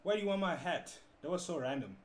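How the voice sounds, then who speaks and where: A man from South Africa livestreaming prank chats with strangers, teasing them with deadpan, playful banter. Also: a little high, quick pace. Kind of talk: prank chat with strangers on video call. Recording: echoey room with faint background noise.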